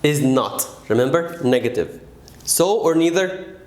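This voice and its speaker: A man teaching an English grammar lesson, patient and stressing key words slowly. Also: fairly high pitch, animated, darkish tone, reverberant.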